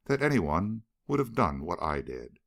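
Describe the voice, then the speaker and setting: A man reading the part of a calm, dry-witted male secret agent in an audiobook. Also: sits low, creaky, full character voice. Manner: dry, mild, measured.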